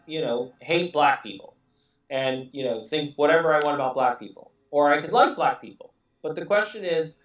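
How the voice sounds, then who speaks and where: A man who grew up in England, hosting a casual podcast conversation, talking in a rambling way with many fillers, restarts and frequent laughs. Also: mid-range voice. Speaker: podcast host. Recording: echoey room, distant mic, dull audio.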